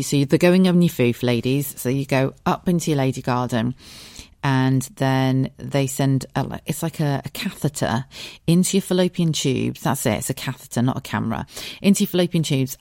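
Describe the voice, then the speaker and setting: A woman's voice: rumbling low, mellow, no echo, studio quality. A woman hosting a podcast, telling her own story in a frank, sweary, conversational way. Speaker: podcast host. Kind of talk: candid personal monologue.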